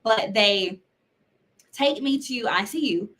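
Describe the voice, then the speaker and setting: A woman's voice: fairly high pitch, animated, slow, a bit bright. A woman guest on a podcast, recounting a personal story in earnest detail and acting out what others said. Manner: earnest storytelling, acts out quoted voices.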